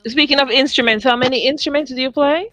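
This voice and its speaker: A woman's voice: high-pitched, quick pace, sharp tone, dry recording, faint music behind. A woman hosting a show, asking interview questions hesitantly with many "um" fillers. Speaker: radio show host. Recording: dry, dull lo-fi audio.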